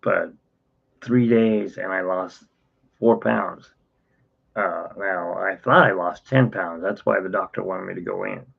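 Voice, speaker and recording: A man's voice: low voice, measured pace, vocal fry, slightly rough. A tired man telling a rambling personal story in a casual vlog, acting out the voices of the people in it. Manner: rambling, self-interrupting, acts out quoted dialogue. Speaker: channel host. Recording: dull lo-fi sound.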